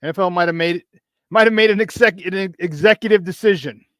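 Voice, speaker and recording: A man hosting a morning sports show, talking in a quick, slangy rush. His voice sits a bit high for a man and comes through dry and close-miked. He stays lively, greets chatters by name, and laughs easily between points. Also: dry recording. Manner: energetic, slangy, greets chat viewers by name, laughs often. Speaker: sports talk show host. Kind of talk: casual morning sports chat.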